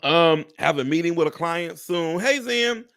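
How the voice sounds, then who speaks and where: A man hosting a casual live stream as a real estate agent, his voice sitting a little high and swooping all over as he talks. There is a gravelly rasp running under his words. He is loud in his reactions, swears freely and addresses viewers as "y'all". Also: unhurried. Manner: animated and exclamatory, swears and laughs often.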